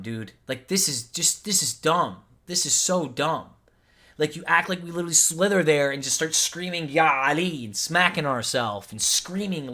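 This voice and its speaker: A man's voice: medium pitch, pushed and bright. A man from the United States giving heated, argumentative reaction commentary, exasperated and sarcastic.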